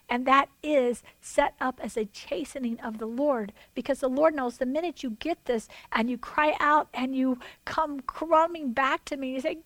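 A woman preaching a sermon, animated and swinging between loud and hushed, voicing God and others in quoted asides. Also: high-pitched, normal speed, no echo, poor audio.

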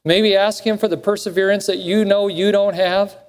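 A man's voice: sits high, steady tone, moderate pace, long reverb tail. A man preaching a sermon in a church sanctuary, telling a story earnestly and acting out the quoted voices. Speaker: pastor.

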